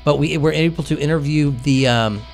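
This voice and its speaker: A man's voice: on the high side, a little fast, vocal fry, faint music behind. A man hosting a casual radio talk show, rambling and chatty with many fillers and restarts. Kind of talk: casual chat.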